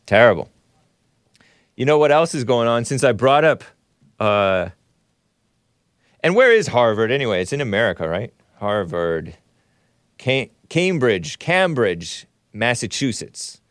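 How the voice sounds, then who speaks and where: A man's voice: on the low side, animated, a little slow, clear, resonant tone, no room sound, clean studio sound. A man hosting a call-in show, chatting casually with callers and mocking the news with scoffing asides.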